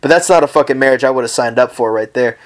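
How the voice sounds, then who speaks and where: A man's voice: mid-range voice, fast talker. A man hosting his own podcast, ranting profanely and rambling comically while lying down at home. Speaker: podcast host. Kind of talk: casual solo podcast rant.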